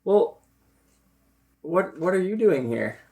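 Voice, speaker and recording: A woman's voice: on the low side, big pitch swings, slow, mellow. A woman player speaking in character in a tabletop game, earnest and hesitant.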